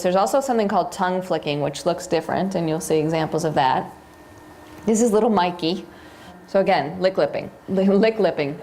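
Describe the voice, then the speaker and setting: A woman's voice: lowish voice, a little mellow, a little hiss or hum. A woman giving a live seminar lecture to a room of listeners, talking them through video clips in a chatty way and quizzing them as she goes. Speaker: seminar instructor.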